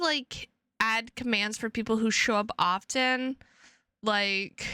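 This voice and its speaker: A woman's voice: mid-range voice, slow, pushed and bright, clean tone, no echo, studio quality. A young adult woman streamer chatting casually with her viewers, rambling and playful, often repeating her words.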